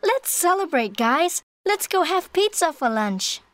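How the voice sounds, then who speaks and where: Outspoken teen girl in an audiobook, very high and lively, done by a male reader. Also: a little slow, dry recording, clean studio sound, heavily acted. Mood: eager. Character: outspoken teenage schoolgirl. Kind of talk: audiobook character voice.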